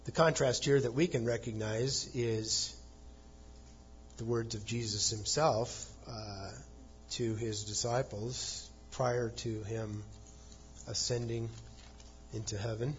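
A man's voice: medium pitch, steady tone, slow pace, lo-fi sound, slight background noise. A man preaching a sermon, explaining scripture conversationally and acting out quoted lines with a chuckle. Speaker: pastor.

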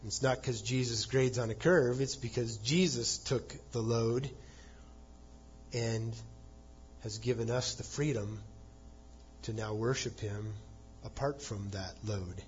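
A man's voice: medium pitch, fairly even intonation, slow, long pauses, muffled recording, a little hiss or hum. A man preaching a sermon, explaining scripture conversationally and acting out quoted lines with a chuckle. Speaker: pastor.

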